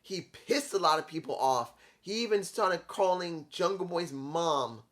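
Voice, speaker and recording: A man's voice: fairly high pitch, animated, a little slow, fairly bright tone. A man reviewing a wrestling show on his own, emphatic and opinionated, repeating his points in short punchy lines. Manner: opinionated, repetitive, emphatic rants. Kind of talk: solo video review.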